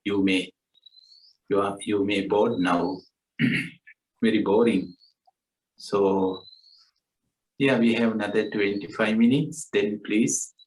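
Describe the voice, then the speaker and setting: A man leading a meditation retreat group session, speaking gently and haltingly with fillers. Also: fairly low pitch, fairly even intonation, echoey room, distant mic, poor audio. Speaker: meditation teacher. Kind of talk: retreat group talk over a call.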